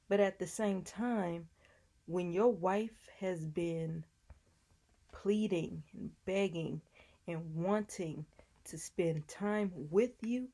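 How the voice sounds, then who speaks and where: A woman's voice: fairly low pitch, dark tone. A woman casually recapping a TV episode in a chatty, sassy way, talking back to the people on the show. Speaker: TV recap vlogger.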